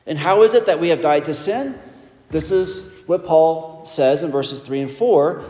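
A man preaching a sermon, emphatic and measured, leaning hard on key phrases. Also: sits high, a little mellow. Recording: echoey hall with long reverb.

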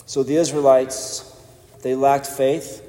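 Emphatic preacher in an echoey hall. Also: male voice, medium pitch, level tone, dark tone. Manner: measured, emphatic preaching with pauses. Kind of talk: sermon.

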